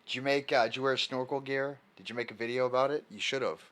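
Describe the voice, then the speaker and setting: A man's voice: mid-range voice, steady tone, fast talker, a bit bright. A man chatting casually on a live stream in a rambling way, answering viewer messages from his desk at home.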